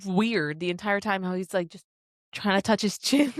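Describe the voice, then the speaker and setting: A woman co-hosting a casual book podcast, talking in a lively way that jumps between her own thoughts and quick acted-out lines. Her voice sits at an ordinary middle pitch. The recording is close and dry, with no room sound. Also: dry recording. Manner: animated, swears freely, acts out characters' lines. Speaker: podcast co-host.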